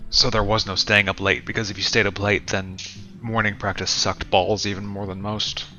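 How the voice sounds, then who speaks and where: Bright, low-voiced easygoing man. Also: little pitch movement, muffled recording. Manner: easygoing, quick to laugh. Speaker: streamer. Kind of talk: casual chat while gaming.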